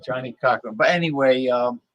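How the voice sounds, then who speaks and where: A man's voice: mid-range voice, brisk, no room sound, muffled recording. Rambling man in casual chat, dry sound. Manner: rambling, loses his train of thought; loud playful calls to listeners. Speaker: show host.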